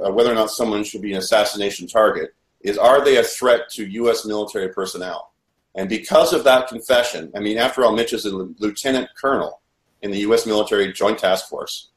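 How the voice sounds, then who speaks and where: A man telling his own story in an earnest, halting way with many restarts, in a roomy echo. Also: on the low side. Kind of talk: first-person testimony.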